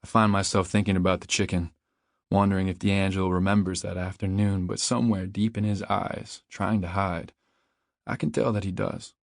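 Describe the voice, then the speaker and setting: A man reading his own novel in the first person, in a measured, reflective way, close to a studio mic. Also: low voice, flat delivery, creaky, dry recording. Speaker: audiobook narrator and author. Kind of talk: first-person audiobook narration.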